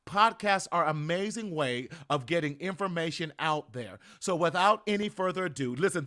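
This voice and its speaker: A middle-aged man from Southern California runs a live-streamed podcast launch party. He talks in a high-set voice, casual and full of slang, and keeps up a stream of hyped calls for viewers to join in. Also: expressive, normal speed, few pauses, pushed and bright. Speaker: podcast host.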